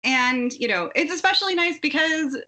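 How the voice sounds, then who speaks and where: A woman co-hosting a podcast, speaking in a measured, deliberate way. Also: sits high, lively intonation, sharp tone. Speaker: podcast co-host. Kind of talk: casual chat.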